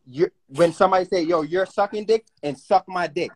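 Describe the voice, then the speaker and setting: New guy with a high voice, keeps stopping and restarting, casual live chat. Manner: halting, restarts while explaining.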